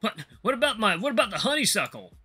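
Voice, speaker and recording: A man's voice: high-pitched, sing-song, fast, bright, forceful tone, husky, soft background music, pitched above the performer's own voice, exaggerated voice. A man voicing a timid, hesitant young male cook who stammers. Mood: unsure.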